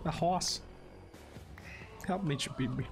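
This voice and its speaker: A man's voice: fairly high pitch, slow pace, vocal fry, music in the background. A man streaming a game, chatting casually and teasing his co-player with jokey banter. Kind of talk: casual gaming stream chat.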